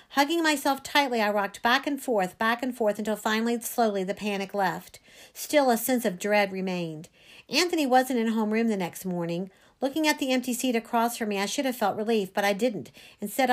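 Woman, story reading, first-person, expressive, fairly high voice. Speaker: reader.

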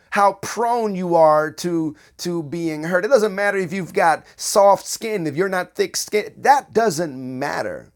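Man, slightly high voice, unhurried informal preacher who repeats himself for emphasis. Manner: slow, conversational, repeats phrases for emphasis. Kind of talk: informal bible teaching.

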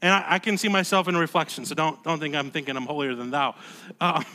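A man preaching a sermon as pastor, conversational and emphatic, dropping to a hush and then rising loud, often repeating words. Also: on the high side, steady tone, fast talker. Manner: emphatic, swings from hushed to loud.

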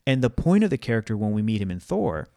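A man's voice: lowish voice, very animated, fast, vocal fry, warm tone, no room sound, clean studio sound. A man co-hosting a casual podcast chat, rambling with many fillers and restarts. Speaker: podcast co-host.

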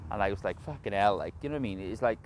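Mężczyzna z brytyjskim akcentem, który luźno i chaotycznie omawia wrestling, dużo przeklina i często się śmieje. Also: male voice, fairly low pitch, animated, very fast, a little hiss or hum. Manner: heavy swearing, rambling, laughs often. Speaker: wrestling show reviewer. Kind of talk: casual spoken recap and opinion.

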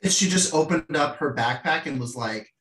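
A man's voice: fairly high pitch, lively intonation, moderate pace, very noisy. Man chiming in, roomy echo. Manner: chimes in with short reactions and laughs. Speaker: podcast guest. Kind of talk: casual chat.

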